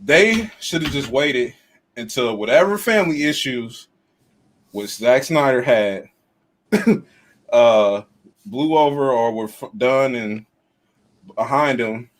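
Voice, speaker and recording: A man's voice: mid-range voice, slow pace, long pauses. A man in a casual live-stream chat, arguing his points emphatically and repeating himself.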